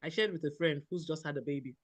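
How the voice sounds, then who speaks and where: A woman from Nigeria, a doctor in her thirties, telling a personal story as a podcast guest, animated, often laughing and quoting herself. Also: deep voice, quick pace. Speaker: guest, general practitioner.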